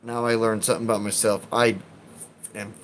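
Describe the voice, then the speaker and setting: A man's voice: lowish voice, level tone, brisk, slight background noise. A man with a Chicago accent, chatting casually on a live stream and reading comments in a rambling, profane way with frequent laughs. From Chicago, USA.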